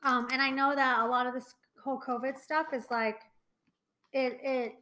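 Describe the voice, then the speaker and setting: Young woman, high voice, rambly podcast cohost, lots of ums and likes. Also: little pitch movement, normal speed, bright, forceful tone, rough recording. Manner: chatty, many fillers and trailing restarts. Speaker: podcast co-host. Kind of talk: casual chat.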